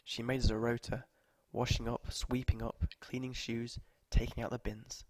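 A man's voice: medium pitch, flat delivery, normal speed, no echo. Man reading stories in a dry room. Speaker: narrator. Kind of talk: reading short stories aloud.

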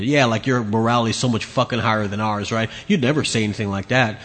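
A man's voice: fairly low pitch, fast talker, few pauses, fairly bright tone, big-room sound, a little hiss or hum. A man hosting his own podcast, ranting bluntly and sarcastically with lots of swearing. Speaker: podcast host. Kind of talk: opinionated solo rant.

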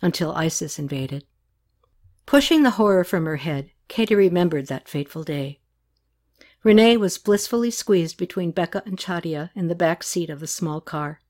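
A woman narrating a novel aloud in an even, unhurried way. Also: on the low side.

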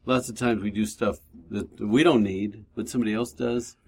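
Creaky-voiced man, reflective radio host. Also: on the low side, fairly even intonation, normal speed. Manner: reflective, talks through inner thoughts aloud. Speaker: radio show host on addiction recovery. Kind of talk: faith-based radio talk discussion.

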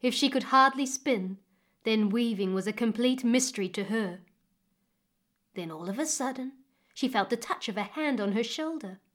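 A woman narrating a fairy tale expressively with dramatic pauses, as a storyteller reading a book. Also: a little high, fairly bright tone.

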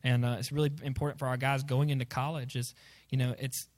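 A man's voice: medium pitch, little pitch movement, fast talker. A young man preaching to students, rambling and self-deprecating, full of fillers. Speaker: youth pastor. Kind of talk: sermon to students.

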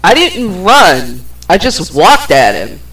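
Slow, blunt woman telling a story. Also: on the low side, huge pitch swings, a bit bright. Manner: blunt and profane, slow, with many pauses. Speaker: podcast host. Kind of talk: casual personal storytelling. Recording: distant from the microphone.

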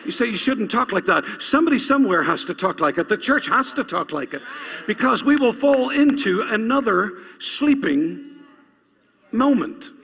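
A man's voice: very high-pitched, very animated, moderate pace, fairly bright tone. A male pastor preaching a sermon, reading scripture aloud and urging the congregation to repeat lines after him. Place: church. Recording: long reverb of a church hall.

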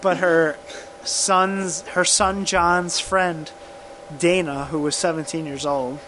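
A man co-hosting a podcast, telling a true crime case in casual profane chat, halting and laughing often. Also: on the high side, steady tone, bright, forceful tone, slight background noise, low-quality recording. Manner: slow, halting, laughs often, drinking whiskey.

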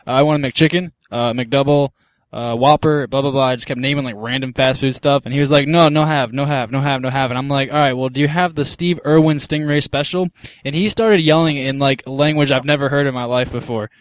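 A man's voice: mid-range voice, fairly even intonation, fairly quick, dry recording. A man co-hosting a late-night comedy podcast, telling rambling stories in casual chat. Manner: laid-back, rambling storyteller. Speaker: podcast co-host.

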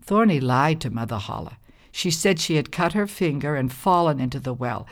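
A woman reading a storybook aloud with calm, measured, expressive narration. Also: a bass voice.

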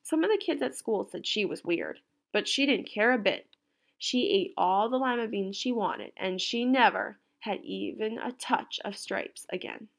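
A woman teacher reading a picture book aloud to a class, an expressive storyteller. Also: mid-range voice, a little slow, vocal fry.

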